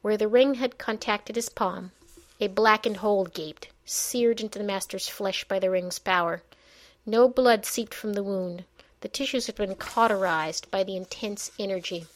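A woman narrating a fantasy audiobook in a measured, even storytelling manner. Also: medium pitch.

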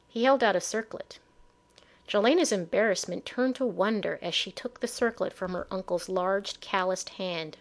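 Woman narrator with a middle-pitched voice, reading a storybook with measured expression. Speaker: audiobook narrator.

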